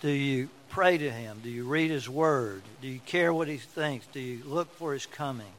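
A man's voice: medium pitch, normal speed, a bit bright, low-quality recording. A man preaching a sermon as pastor, telling folksy stories and repeating words for emphasis.

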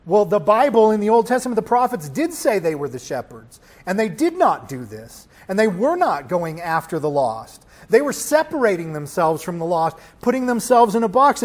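A male pastor delivering a sermon in a fairly high voice. He swells from near-whispers to loud declarations and keeps asking the listeners questions. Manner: preaching with swells from hushed to loud; rhetorical questions to the congregation.

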